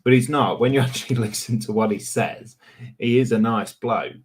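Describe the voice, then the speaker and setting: A man's voice: medium pitch, normal speed, a little hiss or hum. A man, co-hosting a casual live chat stream and teasing his co-host. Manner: teasing, jokey. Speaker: livestream co-host.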